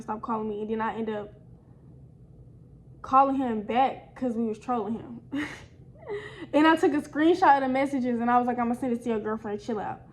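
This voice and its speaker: Young woman vlogger, high voice, chatty storytime delivery with light background hiss. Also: poor audio. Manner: animated, slangy, addresses viewers as y'all. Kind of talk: casual storytime.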